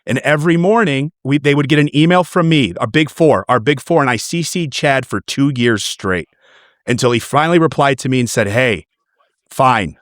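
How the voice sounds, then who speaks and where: A man coaching a loan officer in a conversation, an animated storyteller who repeats words when he gets fired up. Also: mid-range voice, brisk, no room sound, studio quality. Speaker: mortgage team coach.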